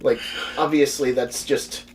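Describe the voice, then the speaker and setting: Animated, laughing host at a distant mic. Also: medium pitch, measured pace. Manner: laughs often, animated retelling with lots of "like". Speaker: podcast co-host. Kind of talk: casual chat about a movie. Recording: distant mic with faint background noise.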